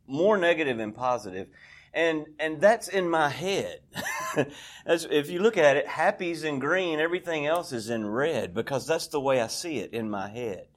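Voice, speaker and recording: A man's voice: a little high, lively intonation, moderate pace. A man tells his own recovery story to a meeting. He talks candidly and pokes fun at himself, slipping into the voices of the people in his story. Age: 40s. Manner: candid, self-deprecating, acts out dialogue. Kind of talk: personal testimony talk.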